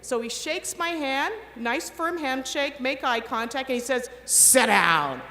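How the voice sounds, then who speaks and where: A middle-aged woman tells a lively story from a podium, her fairly high voice ringing out. The big hall gives her words a long, echoing tail, with a faint hum of the room underneath. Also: measured pace. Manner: animated, acts out quoted voices. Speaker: commencement speaker. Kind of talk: storytelling speech. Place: large ceremony hall. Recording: echoey hall with long reverb, faint ambience.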